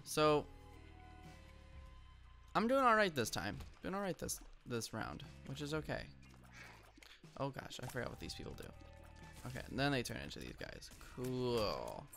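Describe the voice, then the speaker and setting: A man's voice: medium pitch, huge pitch swings, a little slow, gravelly, long pauses, sharp tone, soft background music. A young man hosting a gaming channel, telling a story in a rambling casual way with lots of ums while playing. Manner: rambling, frequent ums, bursts of frustration at the game. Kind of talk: casual gameplay commentary and storytelling. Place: at home.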